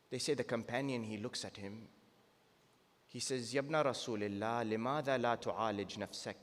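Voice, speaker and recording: A man's voice: medium pitch, fairly bright tone. Man preaching and chanting in a reverberant hall. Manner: shifts from plain teaching into slow, sung mourning recitation. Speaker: sheikh giving a Muharram night lecture. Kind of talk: sermon with chanted elegy.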